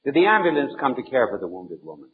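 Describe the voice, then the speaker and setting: A man playing an impatient male prosecuting attorney who fires off quick, pressing questions in an old, narrow-sounding archival recording. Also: mid-range voice, very animated, natural voice.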